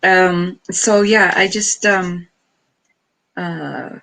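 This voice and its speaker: A woman's voice: lowish voice, extremely slow, vocal fry, fairly bright tone. A woman storyteller speaking as a guest in a casual chat, effusive and spiritual, with earnest pleading.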